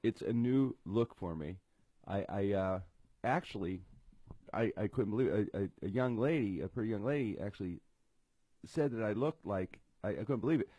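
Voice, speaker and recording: A middle-aged man with a low, husky voice rambles through a casual comedy chat, tripping over restarts and poking fun at himself. The sound is close and dry, with no room around it. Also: animated, moderate pace, dark tone, no room sound. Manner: rambling, self-deprecating jokes with frequent restarts. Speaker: radio comedy show host. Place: home studio.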